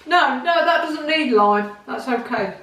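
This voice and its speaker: A woman's voice: high-pitched, a little slow, fairly bright tone, distant mic. Blunt woman heard off-mic. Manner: dry, blunt, matter-of-fact. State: a bit tipsy. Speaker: co-host, the host's partner. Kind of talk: casual chat. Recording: off-mic in a roomy echo.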